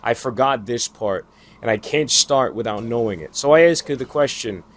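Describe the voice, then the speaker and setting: At a normal pace and medium pitch, a newly hired data entry worker rants casually about his day. Frustrated and rambling, he curses freely and starts sentences over while a faint hiss sits in the background.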